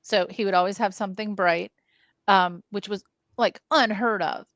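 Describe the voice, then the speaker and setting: A woman co-hosting a casual film review chat, speaking in a relaxed way with many fillers. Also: mid-range voice, normal speed, no room sound. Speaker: podcast co-host.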